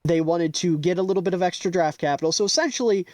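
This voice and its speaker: A slightly high-voiced man co-hosting a sports podcast, laying out a confident, detailed case with plenty of enthusiasm. He is recorded dry and close. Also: fast, a little mellow, dry recording. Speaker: podcast co-host. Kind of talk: casual sports analysis.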